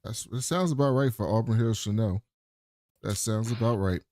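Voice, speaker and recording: A man's voice: on the low side, normal speed, dark tone. A man co-hosting a podcast, casually retelling TV scenes with slangy asides. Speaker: podcast co-host. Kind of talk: casual recap chat.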